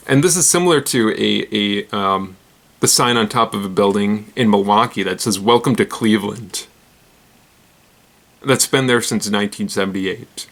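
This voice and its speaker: A man's voice: lowish voice, sharp tone. Rambling, giggly man hosting weird news. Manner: rambling, giggly, self-deprecating. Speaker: host. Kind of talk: casual news roundup.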